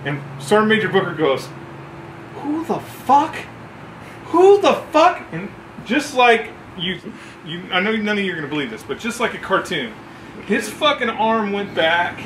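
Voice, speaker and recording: A man telling a profane story about boot camp among coworkers, acting out shouts as he goes. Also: high-pitched, moderate pace, roomy sound, a little hiss or hum, rough recording. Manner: animated, swearing, acts out shouts. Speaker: former Marine telling a story.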